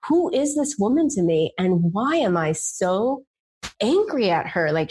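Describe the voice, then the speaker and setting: A woman telling an emotional personal story with candid, rambling speech full of "like" fillers. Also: mid-range voice.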